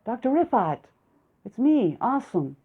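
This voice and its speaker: A woman's voice: on the high side, very animated, measured pace, husky, voice pushed up, full character voice. A woman reading the lines of a jumpy male doctor who tells the story in first person, in an audiobook. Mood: agitated. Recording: tinny phone-like sound.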